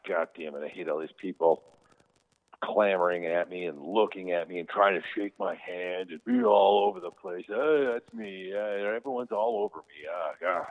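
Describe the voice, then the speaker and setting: A man imitating his excitable, brash comedian brother, with loud, jumpy outbursts that jump up in pitch. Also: normal speed, gravelly. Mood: whiny complaining. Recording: tinny phone-like sound.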